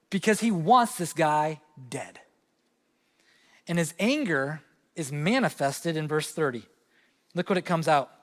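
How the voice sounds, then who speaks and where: A man preaching a sermon as pastor, with a Midwestern American accent, animated in his emphasis and dropping into low asides. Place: church sanctuary. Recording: long hall reverb.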